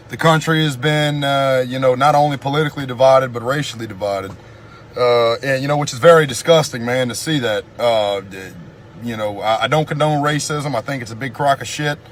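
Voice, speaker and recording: A man's voice: mid-range voice, slight background noise. A man angrily ranting in a self-made video, swearing, repeating himself and getting more heated. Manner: profane, heated, repetitive ranting. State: furious. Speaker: vlogger. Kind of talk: angry rant video.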